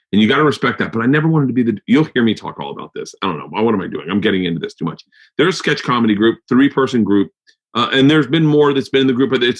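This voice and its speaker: A man's voice: on the low side, fairly bright tone. Tipsy, rambling podcast host man. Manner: loose, profane, self-mocking, rambling. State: tipsy from wine. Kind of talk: casual rambling podcast intro and ad read.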